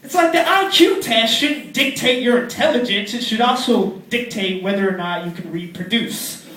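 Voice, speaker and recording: A young man in his twenties doing a crude, rambling stand-up routine in a comedy club, often slipping into squeaky put-on voices. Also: normal speed. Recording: echoey club with loud crowd, distant mic.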